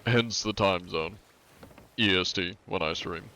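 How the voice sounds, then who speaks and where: Brief: male streamer in his twenties, lowish voice, dry wry humor, casual gaming chat. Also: measured pace, pushed and bright, smooth.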